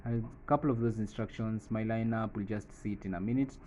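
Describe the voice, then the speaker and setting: A man narrating his football management game, thinking aloud through decisions and breaking into excited play-by-play calls at goals. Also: lowish voice, fairly quick, a little hiss or hum, low-quality recording. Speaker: gaming channel host.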